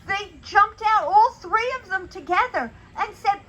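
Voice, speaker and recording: A woman's voice: very high voice, unhurried, hardly any pauses, fairly bright tone, highs cut off. A woman telling a children's story, asking her young listeners questions as she goes.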